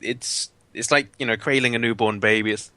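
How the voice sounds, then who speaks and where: A man's voice: mid-range voice, steady tone, fairly quick, bright, forceful tone, dry recording. A man chatting casually on a gaming podcast, telling rambling stories and often repeating his words. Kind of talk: casual chat.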